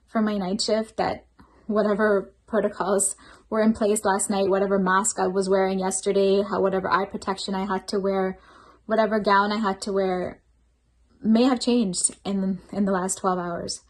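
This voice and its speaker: A woman's voice: mid-range voice, darkish tone. A woman shares a personal testimony at a devotional program. She speaks earnestly and reflectively, as a healthcare worker who works night shifts.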